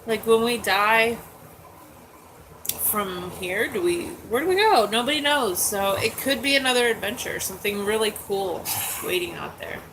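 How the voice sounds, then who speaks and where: A woman's voice: medium pitch, expressive, moderate pace. Woman in her 40s just chatting, candid and rambly, lots of likes and ums, noisy recording. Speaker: host. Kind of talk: casual chat. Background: dogs nearby.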